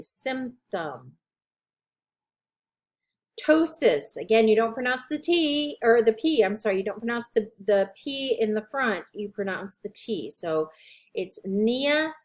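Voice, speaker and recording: A woman instructor delivers a recorded lecture in a voice a little on the high side, stretching out each term with slow, deliberate enunciation.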